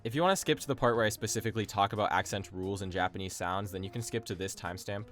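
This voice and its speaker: A young man giving a casual, chatty explainer on language learning, full of slang and quick asides. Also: lowish voice, a bit bright, soft background music.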